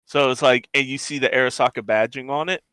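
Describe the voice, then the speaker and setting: A man's voice: medium pitch, steady tone, quick pace, pushed and bright, smooth, no room sound. A man narrating a tabletop game as game master, describing scenes in a rambling, descriptive way.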